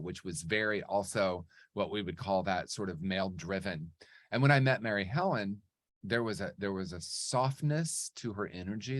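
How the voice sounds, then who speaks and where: A man as an interview guest, telling his story in an earnest, animated way and checking in with frequent "right?" asides. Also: deep voice, no room sound. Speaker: guest speaker on recovery. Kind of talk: reflective conversational storytelling.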